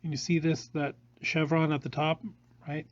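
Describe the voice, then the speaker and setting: A man's voice: a little high, level tone, normal speed, lo-fi sound. Rambling man hosting a product showcase. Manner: rambling, with many fillers and restarts. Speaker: jewelry showroom host. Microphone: phone.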